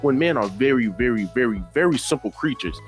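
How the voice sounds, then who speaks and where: A man's voice: mid-range voice, animated, brisk, soft background music. Man lecturing in reaction commentary. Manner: lecturing, repetitive, emphatic. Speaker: commentary host.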